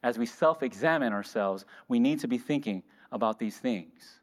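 A man's voice: medium pitch, lively intonation, moderate pace. A man preaching a sermon in a church, asking the congregation questions and answering them himself. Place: church hall. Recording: reverberant church hall.

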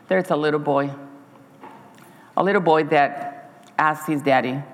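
A middle-aged woman with a deep voice delivers a sermon as a church speaker, her words carrying the sound of a big room. She tells stories haltingly, repeating words and acting out voices for the characters.

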